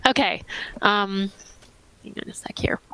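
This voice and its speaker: A woman's voice: mid-range voice, steady tone, a little slow, pushed and bright, clear, resonant tone, low-quality recording. A woman playing a tabletop game, thinking aloud in a hesitant, playful way as she works out her character's moves. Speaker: player. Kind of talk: casual tabletop game play.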